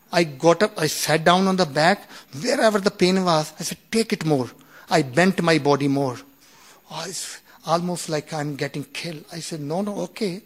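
A man in his fifties telling a personal story, halting and full of restarts, acting out the quoted dialogue. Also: on the high side. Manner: animated retelling with acted-out quoted dialogue; halting, with many restarts and "you know". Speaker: speaker sharing a personal story.

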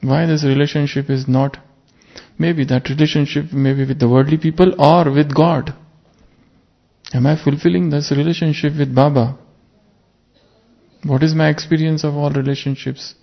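A man delivers a spiritual sermon, his voice rough with gravel. He speaks earnestly, turning his points into rhetorical questions for his listeners. The recording sounds dull and lo-fi. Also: on the high side, fairly even intonation, normal speed. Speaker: spiritual teacher. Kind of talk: sermon with parable. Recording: muffled lo-fi recording.

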